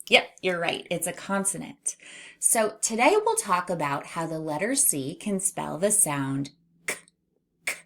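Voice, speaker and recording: A woman's voice: on the low side, big pitch swings, measured pace. A woman teaching a children's phonics lesson, speaking in a patient, encouraging way.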